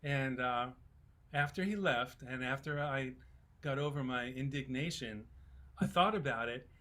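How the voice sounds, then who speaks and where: A man in his sixties, a songwriter on a festival panel, telling relaxed, folksy stories in casual talk. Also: mid-range voice, unhurried.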